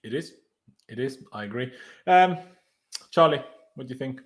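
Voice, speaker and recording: A man hosting a casual fan chat over a video call, laid-back and trailing off softly at the ends of his sentences. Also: mid-range voice, moderate pace. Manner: relaxed, laid-back, often trails off quietly. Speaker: podcast host leading player ratings.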